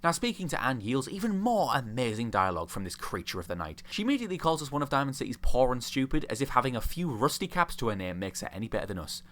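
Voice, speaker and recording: A man's voice: medium pitch, sing-song, fast talker, hardly any pauses, fairly bright tone. A young man giving sarcastic, ranting commentary on a video game, mocking the characters he talks about. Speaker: video host.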